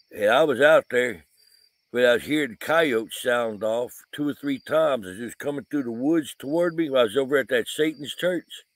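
This casual vlog features a man, a vlogger and paranormal investigator, rambling through a folksy story full of fillers outdoors at night by a camper van. His voice is medium-pitched and the recording is dry, with crickets and insects in the background.

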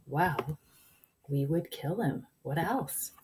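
A pair of boastful sneak thieves scheming in a storybook, read aloud by a woman. The voice is low and mellow and stays conspiratorial. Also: animated, slow pace, slight background noise.

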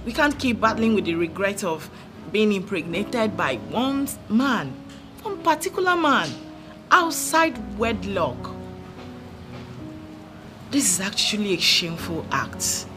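A solemn eldest princess with a Nigerian accent. She apologizes at a measured, middle pitch in a film drama. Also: very animated, music in the background. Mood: remorseful. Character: remorseful eldest princess sister.

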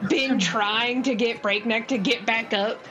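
A woman's voice: fairly high pitch, steady tone, unhurried, lo-fi sound. A woman narrating as dungeon master, chatty and giggly, with lots of fillers. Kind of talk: narrating a tabletop game. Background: background music.

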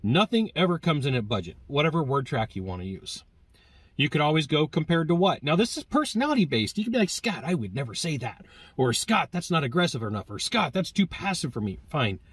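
Husky-voiced man coaching sales technique. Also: on the high side, a little fast, no room sound. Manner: energetic, conversational, acts out customer dialogue. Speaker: sales trainer. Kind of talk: direct-to-camera sales coaching.

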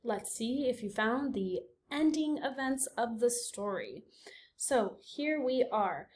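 A woman teaching a recorded reading lesson for young students. Her voice sits a little high, and she explains step by step in a patient way. She keeps checking in with her listeners. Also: animated, takes it slowly, a little mellow, slight background noise. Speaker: elementary school teacher.

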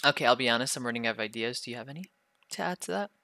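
A man's voice: medium pitch, lively intonation, rapid-fire, vocal fry, pushed and bright, no room sound. A young man performing an ASMR role-play with a bratty, teasing manner and lots of swearing, his throat sore from being sick.

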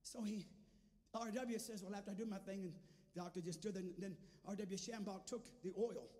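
A man preaching a sermon as a guest, moving between quiet storytelling and shouted, sing-song preaching. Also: high-pitched, fairly even intonation, fairly quick. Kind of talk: Pentecostal sermon. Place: large church sanctuary. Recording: church hall with long reverb and faint music.

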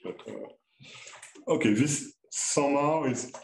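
A man giving a math seminar lecture, halting with many fillers and restarts. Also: mid-range voice, a crowd in the background. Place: lecture room. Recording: echoey lecture hall, mic far off, noisy.

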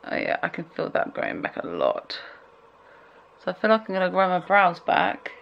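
A woman's voice: fairly low pitch, wildly swooping pitch, moderate pace, gravelly, lo-fi sound. A young woman chatting casually at home for her vlog, rambling and emotional, often trailing off mid-thought. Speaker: vlogger.

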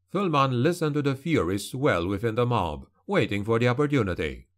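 A man narrating a dark fantasy audiobook in a steady, grim, even delivery. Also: mid-range voice, brisk, few pauses.

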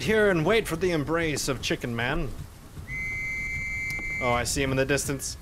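A man's voice: fairly high pitch, expressive, normal speed, pauses often, very noisy. Jumpy young man narrating a horror game. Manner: rambling, jumpy, yelps and swears at scares. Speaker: gaming channel host. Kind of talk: let's play commentary.

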